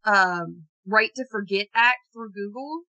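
A woman's voice: mid-range voice, measured pace, pushed and bright, lo-fi sound. A woman co-hosting a casual true-crime podcast, telling the story in a sarcastic, jokey way with some swearing. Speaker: podcast co-host.

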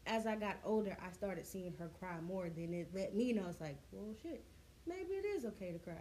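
Young woman, blunt and wry, mid-pitched casual talker. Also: expressive, a little fast, mellow, a little hiss or hum. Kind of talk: casual group chat.

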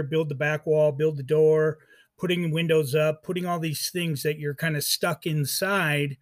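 A man hosting an interview podcast, asking questions in a halting way with many restarts. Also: on the high side. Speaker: podcast host. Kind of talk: conversational interview.

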